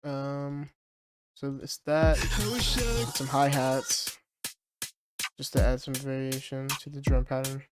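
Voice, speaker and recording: A male music producer casually talking through a song project, hesitant and full of fillers, with his track playing clearly underneath. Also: medium pitch, completely flat delivery, slow, pauses often. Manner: hesitant, full of ums and likes.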